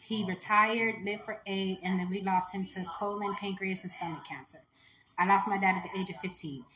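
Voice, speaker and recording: A woman's voice: medium pitch, fairly even intonation, moderate pace, fairly bright tone. Woman, live-stream seller, heartfelt and chatty, echoey room with faint hiss. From United States. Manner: heartfelt, chatty, addresses viewers directly. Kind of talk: casual live-stream talk.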